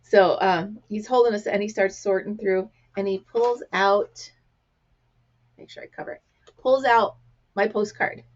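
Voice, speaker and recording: A woman with a gravelly voice, chatting casually to camera as a crafting vlog host and acting out the people in her stories. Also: mid-range voice, steady tone, unhurried, lo-fi sound. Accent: American. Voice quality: gravelly, clears throat often. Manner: chatty storyteller, acts out quotes.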